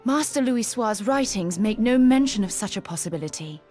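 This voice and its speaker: A woman's voice: medium pitch, lively intonation, moderate pace, warm tone, faint music behind, natural voice. An actress playing a cautious, skeptical young woman scholar in a game. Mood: doubtful. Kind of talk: game voice acting.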